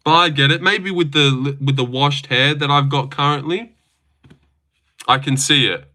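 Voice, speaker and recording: A man's voice: fairly high pitch, steady tone, normal speed, bright, forceful tone. A young man with an Australian accent hosting a casual livestream, joking, swearing freely and reading chat aloud. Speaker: streamer host.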